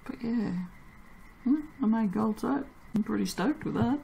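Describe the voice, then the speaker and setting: A woman's voice: fairly high pitch, unhurried, vocal fry, mellow, slight background noise. A woman chatting casually while making and cutting soap, tired and self-mocking, laughing often. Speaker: soap maker. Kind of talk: casual vlog chat while working.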